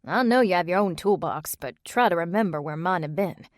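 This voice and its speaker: A man's voice: sits high, expressive, fairly quick, no room sound, studio quality. A woman reading the lines of a playful, pushy handyman among friends. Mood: teasing. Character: teasing, theatrical handyman.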